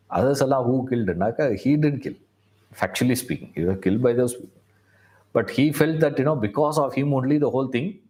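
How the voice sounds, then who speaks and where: Conversational teacher. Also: male voice, mid-range voice, darkish tone. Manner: conversational, checking in with listeners. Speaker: spiritual teacher. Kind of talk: storytelling talk.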